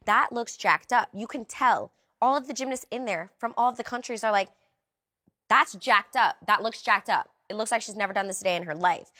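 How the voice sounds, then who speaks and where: A woman's voice: medium pitch, fairly bright tone. A woman in her twenties, a podcast guest, recounting a story candidly and acting out her own thoughts in quoted asides.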